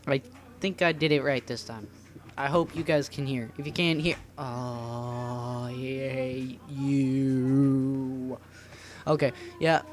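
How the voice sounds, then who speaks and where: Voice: medium pitch, moderate pace. A gamer chatting through an obstacle course on a phone setup, rambling and poking fun at themself. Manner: rambling, self-mocking, breaks into improvised sung lines. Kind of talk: casual gameplay commentary.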